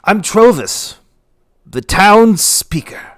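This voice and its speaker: A man's voice: high voice, big pitch swings, very slow, fairly bright tone, dry recording, voice pushed up, full character voice. A man plays a tipsy dragonborn official, jittery and bragging, stammers through lines, dry close sound. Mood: drunken bluster. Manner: slurred, stammering, boastful. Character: drunk jittery male dragonborn town speaker.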